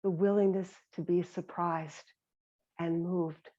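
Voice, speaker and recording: A woman meditation teacher giving a gentle, reflective talk on compassionate listening. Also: fairly low pitch, steady tone, slow pace. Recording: slightly dull lo-fi sound.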